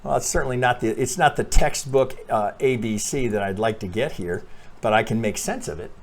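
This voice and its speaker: Speaking briskly at a medium pitch, a trading analyst gives a casual chart walkthrough. He's animated, curses freely, and keeps restarting as he thinks out loud.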